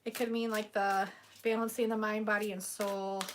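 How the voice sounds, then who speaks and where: A woman's voice: mid-range voice, flat delivery, normal speed, slight background noise. A woman doing a casual tarot-reading livestream from home, chatty and giggly, talking to her viewers in front of a camera on a tripod. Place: room at home.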